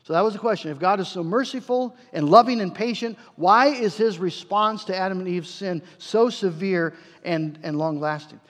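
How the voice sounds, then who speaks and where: A man's voice: high-pitched, moderate pace, hardly any pauses, fairly bright tone, long reverb tail. A man preaching a sermon as pastor, earnest and emphatic, often repeating words for stress.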